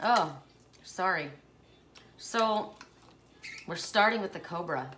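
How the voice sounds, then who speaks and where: Low-voiced woman doing a card reading. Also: animated, a little hiss or hum. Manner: slow, musing, with coughs and asides. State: choked up. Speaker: oracle card reader.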